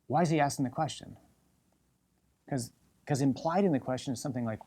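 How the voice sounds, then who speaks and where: Husky-voiced priest preaching with emphatic repetition. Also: male voice, medium pitch, fairly quick, long pauses. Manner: emphatic, repeating phrases in lists; drops to soft, intimate tone when voicing God's call. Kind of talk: sermon.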